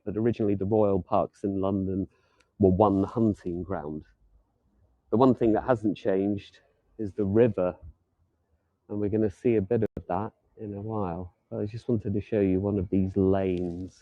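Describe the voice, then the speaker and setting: A man's voice: fairly low pitch, dry recording. Chatty male walking-tour guide, dull audio. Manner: chatty, meandering, lightly joking. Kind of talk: live walking tour narration. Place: outdoors on town streets, walking.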